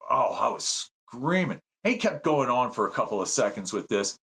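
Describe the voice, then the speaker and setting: Podcast guest: fifties man from the United States, swoops up and down, excitable storyteller. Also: mid-range voice, moderate pace, hardly any pauses, breathy edge. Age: 50s. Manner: animated, excitable, acts out quoted voices. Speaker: podcast guest, veteran and citizen journalist. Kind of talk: casual storytelling interview.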